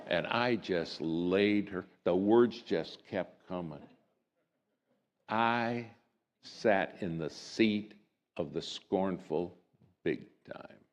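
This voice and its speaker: During a sermon, a man recounts a personal story in a folksy, conversational, dramatic style, moving between soft hushes and lively rises. He speaks with a low voice at a very slow pace, and the audio sounds dull.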